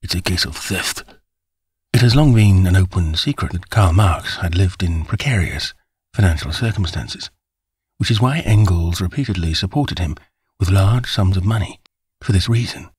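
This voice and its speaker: A man narrating an audiobook in a measured storytelling manner. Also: low voice, darkish tone, husky, no room sound. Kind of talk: scripted narration.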